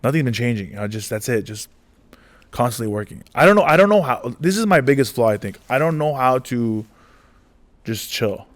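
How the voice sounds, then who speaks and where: A man in his forties, a comedian telling stories in a casual interview, rambling and animated, acting out the dialogue. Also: medium pitch, brisk. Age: 40s. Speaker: comedian guest.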